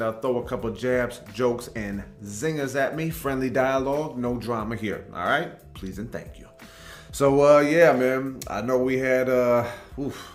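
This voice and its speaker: A man's voice: medium pitch, echoey room. A man hosting a reaction video, chatting in a rambling, friendly way with lots of fillers. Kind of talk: casual chat.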